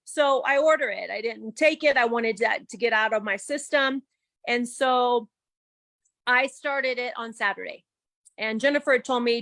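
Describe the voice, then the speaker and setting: A woman shares her story in a candid, lively way, laughing easily and acting out her own reactions. Her voice sits a little high, and the sound is dry and close, like a video call. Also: unhurried, no room sound. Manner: chatty and animated, with laughs and quoted self-talk. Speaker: guest giving a testimony. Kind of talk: candid personal testimony.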